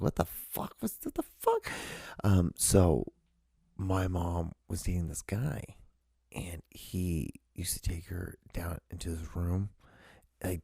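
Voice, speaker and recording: Low, gravelly-voiced man rambling on a podcast. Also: dark tone, no room sound, studio quality. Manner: rambling and profane, full of fillers. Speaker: podcast host. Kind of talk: casual solo podcast monologue.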